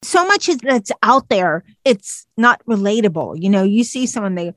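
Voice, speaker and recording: A woman's voice: medium pitch, very animated, moderate pace, no echo, clean studio sound. A woman interviewing a guest, rambling through loose sentences full of "you know" and restarts. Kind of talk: casual interview chat.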